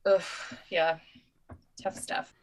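A young woman co-hosting a casual chat, telling animated stories and laughing often. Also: very slow, low-quality recording. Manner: chatty, animated storytelling with laughs. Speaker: podcast co-host.

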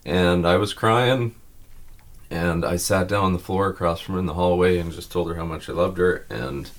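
A man's voice: low-pitched, normal speed. A man earnestly telling an emotional family story in an interview. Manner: earnest, animated, self-described emotional.

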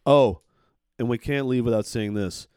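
A man in a casual podcast chat, venting in a fired-up way and swearing freely. His voice sits at an ordinary middle pitch. The sound is dry and close, with no room echo. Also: moderate pace, darkish tone, clean tone. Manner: heated ranting, heavy swearing. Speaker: podcast co-host.

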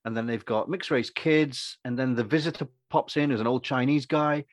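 A man who acts, talking through his opinions in a rambling, animated way and acting out other people's lines. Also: medium pitch, normal speed, no echo. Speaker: podcast co-host and actor. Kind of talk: casual opinionated chat.

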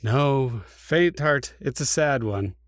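A man co-hosting a podcast, chatting casually with quick reactions and jokes. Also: medium pitch, lively intonation, no echo, clean studio sound. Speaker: podcast co-host. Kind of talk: casual chat.

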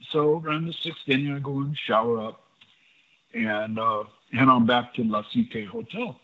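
Animated older man telling a story, husky. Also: mid-range voice, normal speed. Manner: animated anecdote-telling, acting out quoted dialogue. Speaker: interview guest, former pitcher. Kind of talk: storytelling in a casual interview. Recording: dull lo-fi audio.

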